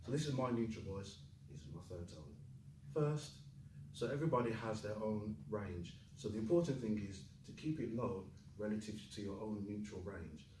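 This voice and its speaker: Lively male teacher quizzing his class. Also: on the low side, normal speed, roomy sound, recorded from a distance, slight background noise, poor audio. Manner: lively, asks the class questions, jokes. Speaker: Chinese teacher. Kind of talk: classroom lesson.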